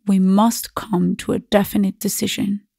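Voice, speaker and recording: Woman reading lofty bossy spinster sister, firm, gravelly, mellow tone. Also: medium pitch, flat delivery, moderate pace, no echo, studio quality. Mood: grand.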